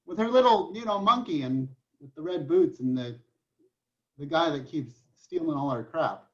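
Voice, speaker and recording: Guy prof teaching math over a video call, kinda high voice, jokey and rambly, muffled lo-fi audio. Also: animated, moderate pace. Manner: joking, storytelling, chatty with restarts. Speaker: math professor. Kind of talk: online class lecture. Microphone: computer mic on a video call. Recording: dull lo-fi online class audio.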